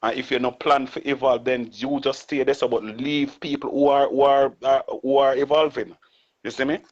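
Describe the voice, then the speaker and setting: A man's voice: medium pitch, fairly even intonation, normal speed, a little mellow. A middle-aged man with a Jamaican accent, talking reflectively as an interview guest and often closing on a tag question. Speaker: guest artist. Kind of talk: casual interview talk. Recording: muffled lo-fi audio.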